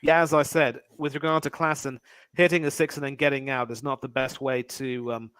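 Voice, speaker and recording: A man talking as a guest on a sports chat, giving measured analysis hedged with fillers. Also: mid-range voice, little pitch movement, a bit bright, clean tone, no echo, poor audio. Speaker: guest cricket commentator. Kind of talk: casual sports podcast chat.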